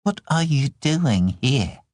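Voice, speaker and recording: A proud, sharp-tongued young widow who snaps and bristles, voiced by a man narrating an audiobook, her pitch swooping lively. She speaks slow and deliberate in a dry, close sound. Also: dry recording. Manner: curt, exasperated, quick to snap. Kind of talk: audiobook character voice.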